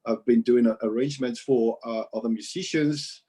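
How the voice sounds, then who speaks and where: A Mexican man, a musician and composer, speaking English with a faintly British lilt as a guest in a casual interview, relaxed and hesitant. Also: mid-range voice, normal speed, husky. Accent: slightly British-sounding English. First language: Spanish. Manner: relaxed, hesitant with many fillers.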